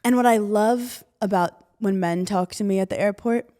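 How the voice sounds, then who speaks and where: A woman's voice: medium pitch, normal speed. A woman co-hosting a podcast, telling a story in casual chat and acting out the people in it. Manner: animated storytelling, acts out quoted people. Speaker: podcast co-host.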